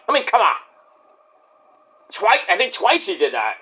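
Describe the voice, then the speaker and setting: A man's voice: high-pitched, huge pitch swings, normal speed, pushed and bright. A man giving a casual, rambling spoken recap as a show reviewer, often correcting himself and acting out what others said. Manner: rambling with self-corrections, acts out quotes. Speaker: wrestling reviewer.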